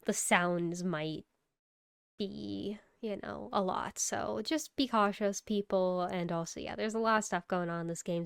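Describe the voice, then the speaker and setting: A woman's voice: medium pitch, clear, resonant tone, no room sound, studio quality. Sleepy, chatty woman streamer. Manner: chatty, yawning, laughs often, greets chat by name. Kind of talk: casual live-stream chat while gaming.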